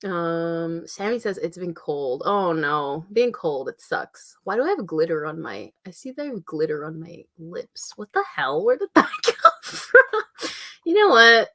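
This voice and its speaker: A woman's voice: fairly low pitch, sing-song, a little slow, a bit bright. A woman in her twenties with a Canadian accent, chatting casually on a livestream, reading out chat messages and laughing often. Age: 20s. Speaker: writing channel host.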